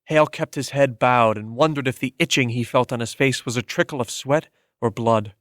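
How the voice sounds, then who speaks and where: A man narrates an audiobook, reading a script at a steady, measured pace in a middle-pitched voice. The recording is close and dry, with no room sound or echo.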